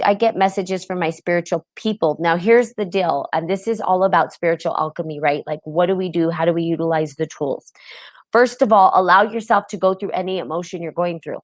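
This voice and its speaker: Host type: woman with a New Jersey accent, slightly low voice, impassioned casual talk, dry close sound. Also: no room sound. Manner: impassioned, asks viewers questions, many fillers. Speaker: podcast host on a live stream. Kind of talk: casual live-stream talk to viewers.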